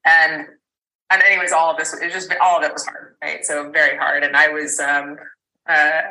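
A woman in her thirties with a low but bright, forceful voice tells a personal story as a podcast guest. She rambles, circles back with fillers and restarts, and swears now and then without minding. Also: little pitch movement, normal speed, slight background noise, poor audio.

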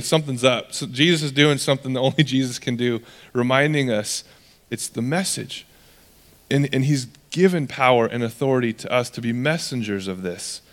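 A man, a pastor preaching a sermon in a relaxed, conversational way, acting out quoted dialogue with casual asides. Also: medium pitch.

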